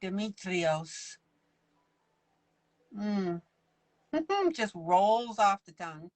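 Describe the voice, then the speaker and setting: A woman's voice: a little high, a little slow, sharp tone, no room sound, poor audio. A woman leading a casual live coloring lesson, chatty and playful, laughing often as she works. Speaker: online coloring teacher.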